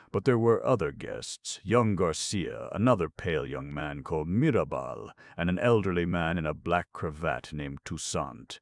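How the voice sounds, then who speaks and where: A man narrating a novel as an audiobook, in a measured, unhurried reading. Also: rumbling low, gravelly, no echo, clean studio sound.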